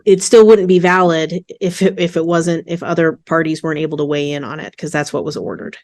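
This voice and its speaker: A woman's voice: low voice, steady tone, a little fast, darkish tone. A woman judge speaking firmly and sternly in a court hearing, scolding a party for interrupting.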